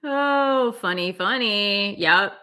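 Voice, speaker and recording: A woman's voice: mid-range voice, slow pace, pushed and bright. A middle-aged woman doing live-stream tarot readings, talking in a chatty, valley-girl cadence. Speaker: tarot reader.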